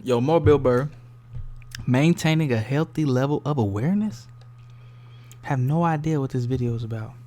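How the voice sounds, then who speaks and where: A man's voice: medium pitch, normal speed, long pauses, dark tone. A man hosting a reaction video, talking back at a clip in casual commentary and repeating words.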